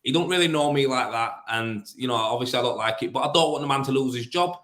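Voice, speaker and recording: A man's voice: medium pitch, fast, a bit bright. Broad Yorkshire man in a roomy echo. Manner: blunt, storytelling, lots of fillers and restarts. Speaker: plasterer and business owner. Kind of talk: casual interview chat.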